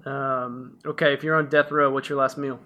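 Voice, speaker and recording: A man interviewing a guest in casual chat, with short reactions and quick questions. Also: medium pitch, level tone, bright, forceful tone.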